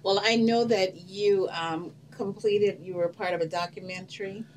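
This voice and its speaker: A woman's voice: mid-range voice, steady tone, normal speed, darkish tone, far from the mic, slight background noise. A woman hosting a talk show, asking questions and encouraging her guest with short replies. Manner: encouraging, brief affirmations. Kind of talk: casual interview chat.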